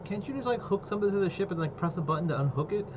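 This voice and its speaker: A man's voice: high-pitched, racing, lo-fi sound, noisy background. A man playing a tabletop game, chatting casually and joking, laughing often.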